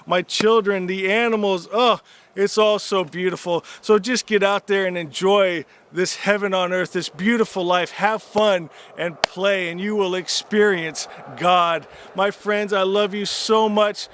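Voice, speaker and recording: A man giving a gentle, heartfelt spiritual talk to his viewers, unhurried and warm in his words. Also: high-pitched, fairly even intonation. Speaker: spiritual teacher. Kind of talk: devotional talk to camera.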